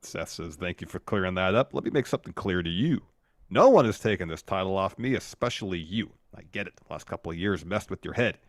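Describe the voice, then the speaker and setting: A man's voice: sits low, expressive, fast, dry recording, clean studio sound. A man co-hosting a podcast, narrating events play by play and hamming up quoted lines. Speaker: podcast co-host. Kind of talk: casual recap chat.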